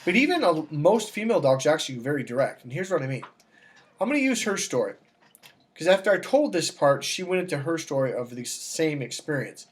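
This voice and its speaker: A man working as a dating coach, talking casually to camera and telling stories with acted-out dialogue. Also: fairly quick. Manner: animated storytelling, acts out dialogue with raised pitch.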